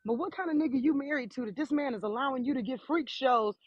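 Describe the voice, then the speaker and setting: A woman's voice: sits high, quick pace, breathy edge, no echo, muffled recording. A woman guest on a live stream, questioning others indignantly. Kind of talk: casual live stream chat.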